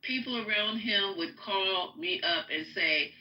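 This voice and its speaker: A woman hosting a live stream, reading a news article aloud with halting fillers in a casual way. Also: medium pitch, sharp tone, roomy sound, poor audio. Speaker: livestream host.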